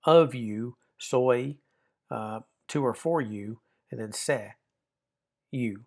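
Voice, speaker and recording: A man's voice: medium pitch, slow pace. A man gives a recorded online grammar lesson in a mid-range voice. He explains patiently and step by step, often restating a point before moving on. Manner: explanatory, repeats and rephrases himself with fillers. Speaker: Greek grammar teacher.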